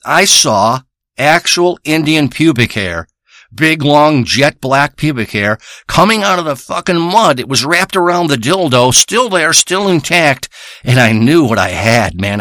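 A man's voice: medium pitch, big pitch swings, measured pace, pushed and bright, no room sound, clean studio sound. A man playing a crude rambling backwoods braggart. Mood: boastful. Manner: profane, rambling and boastful. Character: crude rambling male backwoods treasure hunter. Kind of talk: improvised comic character monologue.

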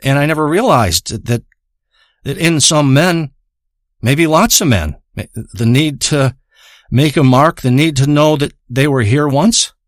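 A man's voice: fairly high pitch, expressive, a little slow, no room sound, clean studio sound. A man telling a long personal story, profane, emotional and rambling.

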